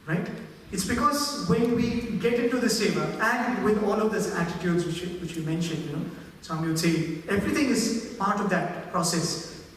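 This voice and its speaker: A man tells stories in a spiritual talk, his voice sitting fairly high. He is heard from a distance in a big reverberant hall. A faint hum of room noise sits under him. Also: normal speed, fairly bright tone. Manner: storytelling, voicing characters in quotes, frequent "right?". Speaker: speaker giving a spiritual talk. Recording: echoey hall, voice from far off.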